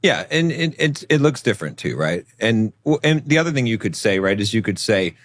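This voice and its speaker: A man's voice: on the low side, very animated, a little fast, no room sound. A man co-hosting a podcast, talking casually about relationships, often repeating words and checking in with "right?". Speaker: podcast co-host.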